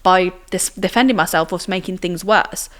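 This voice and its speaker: A young woman with a slightly low voice talks as an interview guest. She recounts personal experiences in a loose, chatty way. Her sentences are strung together with constant fillers and tag questions. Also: normal speed, a bit bright. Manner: chatty, filler-heavy with frequent "like" and "do you know what I mean". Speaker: podcast guest.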